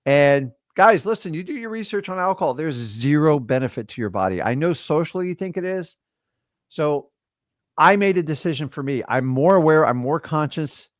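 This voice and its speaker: A man's voice: on the high side, very animated, moderate pace, no echo, studio quality. A man in his fifties hosting a livestream, giving casual motivational talk and addressing listeners directly in a preachy way. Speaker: livestream host.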